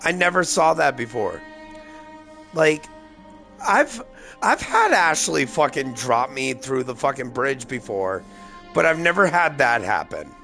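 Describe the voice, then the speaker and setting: A man's voice: mid-range voice, sing-song, measured pace, gravelly, bright, forceful tone, soft background music. A man rambling loosely and profanely through casual gameplay commentary, tipsy and slightly slurring his words. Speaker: gaming streamer.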